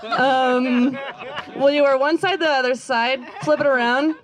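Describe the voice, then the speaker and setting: A woman's voice: high-pitched, fairly even intonation, a little slow, a crowd in the background. A young adult woman doing stand-up outdoors, telling a story in a rambling, self-interrupting way and giggling often. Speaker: stand-up comedian. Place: outdoor backyard show.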